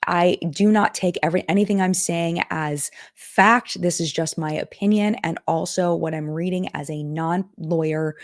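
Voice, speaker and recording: A woman hosting a casual live stream, thinking aloud as she reads viewer comments and contract text. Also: low voice. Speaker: host of a live chat stream. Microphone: streaming setup.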